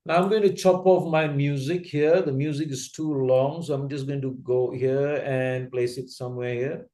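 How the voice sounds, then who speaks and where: A man's voice: medium pitch, fairly even intonation, normal speed, mellow. A man with an Asian English accent teaching a video-editing class step by step, patiently repeating his steps and often checking whether his learners can follow. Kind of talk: slow step-by-step software tutorial.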